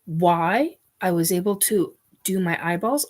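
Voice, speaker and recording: Slow-talking blunt woman telling a story. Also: lowish voice, darkish tone. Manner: blunt, swears freely, halting restarts. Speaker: host. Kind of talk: personal storytelling.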